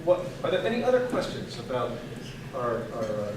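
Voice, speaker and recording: A woman's voice: rumbling low, sing-song, background noise. Woman music teacher talking to the kids and parents, voice swoops around a lot, heard from far off in a really echoey school room. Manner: encouraging, speaks to the class and audience in quick bursts with restarts. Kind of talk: leading a class recorder performance. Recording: very echoey, distant mic, music behind.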